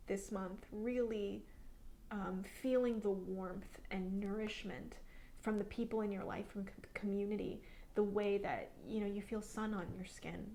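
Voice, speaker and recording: A woman's voice: mid-range voice, warm tone, slight background noise. Female tarot reader, solo reading, musing delivery, near-whispered asides, frequent fillers. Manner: many fillers and restarts.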